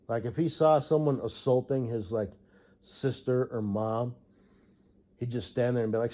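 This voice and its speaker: A man's voice: medium pitch, steady tone, normal speed, pauses often, dark tone. A man who drives trucks, ranting casually about a coworker, profane and rambling, chuckling to himself. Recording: dull lo-fi recording.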